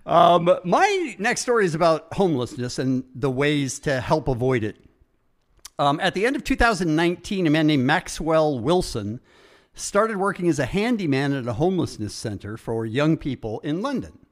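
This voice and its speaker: A man in casual chat who teases his co-host and then tells a story of his own in a relaxed way. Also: a little high, normal speed. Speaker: podcast co-host.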